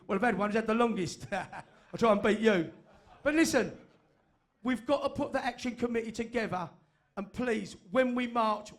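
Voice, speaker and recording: A man giving a fiery, sweary speech to a fan meeting in a room full of people. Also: high voice. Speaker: fan group speaker.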